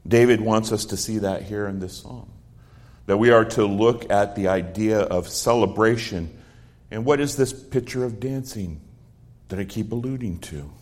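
A man's voice: lowish voice, moderate pace, a little mellow. A middle-aged man preaching a sermon, expounding a psalm verse by verse and telling stories from his own life in an earnest way. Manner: earnest storytelling with quoted dialogue.

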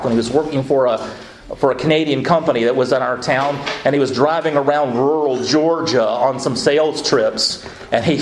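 Storytelling male preacher in an echoey room. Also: fairly high pitch. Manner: storytelling with quick asides and slow emphatic lines. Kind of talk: sermon. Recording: echoey room with faint ambient noise.

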